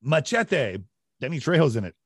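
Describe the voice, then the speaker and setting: A man's voice: fairly high pitch, big pitch swings, moderate pace, husky, dry recording, studio quality. Wisecracking male co-host. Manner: short wisecracking interjections. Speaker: radio co-host. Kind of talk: comedic radio banter.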